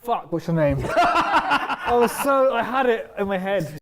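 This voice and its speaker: A man's voice: high voice, very animated, a little slow, background noise. Flustered, laughing man, a team captain. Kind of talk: casual banter on a comedy show.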